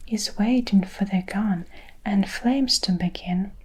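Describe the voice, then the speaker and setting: A gentle old giant, whispered by a woman in a slow, breathy role-play. His earnest, muddled sentences come out soft and hushed, never above a breath. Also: mid-range voice. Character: kindly old male giant, mangled grammar.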